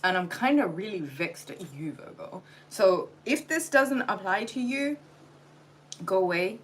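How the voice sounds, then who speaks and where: A woman's voice: fairly low pitch, slight background noise, rough recording. A tired woman giving a blunt, exasperated livestream tarot reading, lecturing her viewers and swearing freely. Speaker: tarot reader.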